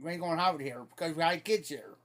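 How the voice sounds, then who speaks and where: A man's voice: on the high side, fast, a bit bright. A man casually telling a rambling, folksy story on a live stream, laughing at his own tale.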